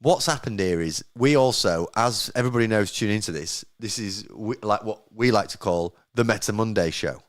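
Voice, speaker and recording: Sweary podcast host. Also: male voice, fairly low pitch, normal speed, hardly any pauses. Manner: sweary, self-mocking, talks to the live chat. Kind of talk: casual banter on a live podcast.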